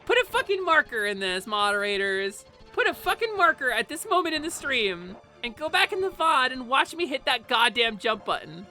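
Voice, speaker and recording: A woman's voice: sits high, big pitch swings, moderate pace, hardly any pauses, bright, forceful tone. A woman streaming a game live, swearing and exasperated, ranting at the game and chatting with her viewers. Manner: chatty, greets chat viewers. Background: faint game music.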